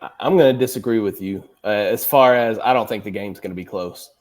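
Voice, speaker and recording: A man's voice: fairly low pitch, fairly quick. A man on a sports show panel, confidently making football predictions and teasing his co-hosts. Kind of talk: casual sports chat.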